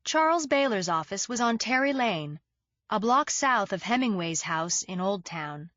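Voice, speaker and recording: A woman's voice: mid-range voice, lively intonation, measured pace, a bit bright, no room sound. A woman narrating a thriller audiobook in the first person, in a wry, sardonic storytelling manner.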